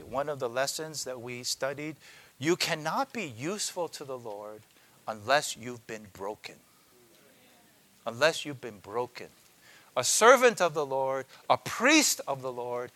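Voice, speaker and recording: A man's voice: medium pitch, bright, forceful tone. A man preaching a sermon to a congregation, repeating key phrases for emphasis.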